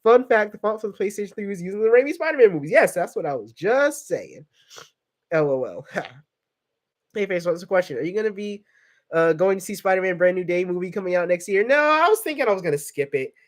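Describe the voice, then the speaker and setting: A man's voice: sits high, sing-song, fairly quick. A young man hosting a casual livestream, reading viewer comments and chatting in a rambling, joking way with tangents. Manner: rambling, jokey, trails off into tangents. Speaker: livestream host.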